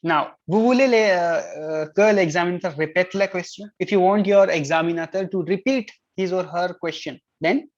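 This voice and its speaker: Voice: mid-range voice, moderate pace, few pauses, muffled recording. Tutor giving exam tips. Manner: repeats "all right" between points, mixes English with spoken French examples. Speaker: French tutor.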